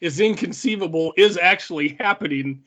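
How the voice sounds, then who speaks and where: A man's voice: high-pitched, normal speed, fairly bright tone. A man co-hosting a podcast, chatting casually and enthusiastically about a film, laughing often. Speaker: podcast co-host.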